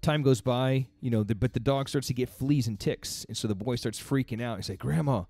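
A fitness coach gives a casual daily faith talk, earnest and conversational, laughing between his points. His medium-pitched voice is brisk and a little mellow, and the recording is dry.

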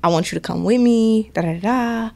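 A woman's voice: a little high, brisk, gravelly, dark tone. Blunt, laughing woman from Milwaukee. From Milwaukee, Wisconsin. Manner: blunt, profane storytelling with lots of laughter; acts out other people's voices in her stories. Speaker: podcast guest. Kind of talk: casual interview chat.

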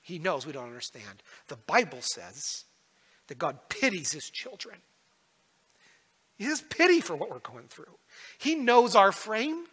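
A pastor preaching in a high, bright voice, earnest and personal as he tells a story. The sound carries a long reverb, like an echoey church hall. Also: huge pitch swings, unhurried, pauses often, husky. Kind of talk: sermon.

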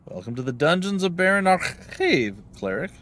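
A man voicing a gruff, scornful male jail guard in a game, with a put-on accent. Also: high voice, sing-song, normal speed, a bit bright, slight background noise, voice pushed up. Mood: mocking.

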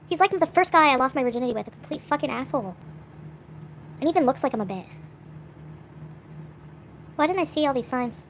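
A woman's voice: high voice, a bit bright, slight background noise. A young woman vlogging, venting in an upset, swearing rant with sighs. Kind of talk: angry venting vlog.

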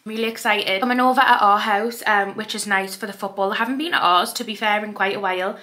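A woman's voice: medium pitch, quick pace, sharp tone. A young woman with a Geordie accent, chatting casually to camera in a rambling vlog, with a slight lisp from dental aligners. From North East England. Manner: chatty and rambling, with frequent fillers. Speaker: vlogger.

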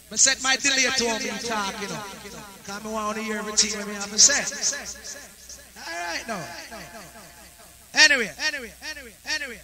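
A Jamaican man working the mic as a sound system selector at a live club dance, chatting in hyped patois and shouting out crews. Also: extremely high pitch. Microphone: handheld mic through a sound system. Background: loud reggae music.

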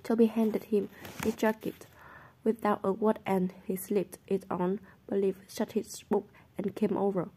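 A woman reading a novel aloud in a steady, unhurried way. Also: mid-range voice, husky. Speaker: audiobook reader.

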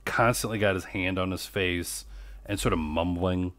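A man with a low voice, co-hosting a podcast in casual, rambling chat. He talks easily and says "like" a lot. The recording is close and dry, with no room sound. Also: fairly even intonation, moderate pace, fairly bright tone, no room sound. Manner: chatty, rambling, heavy use of "like". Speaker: podcast co-host.

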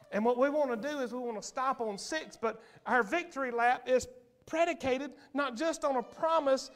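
A man preaching a sermon in a church, animated and calling out to the congregation. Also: very high voice, brisk. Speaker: pastor. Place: church sanctuary.

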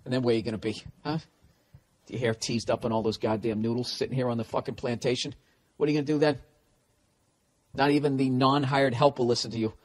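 Man riffing as a smug old-movie leading man, low and crude, sneering put-down. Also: steady tone, fast talker, long pauses, close to an everyday voice. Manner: crude, sneering, lower and quieter. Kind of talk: comedic put-on rant on a podcast.

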